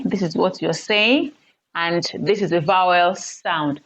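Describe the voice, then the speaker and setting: Woman teacher, slow and patient, repeats key points, slightly dull lo-fi recording. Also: fairly low pitch, fairly bright tone. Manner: slow, repeats key phrases, checks with "okay?". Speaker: English teacher. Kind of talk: classroom lesson.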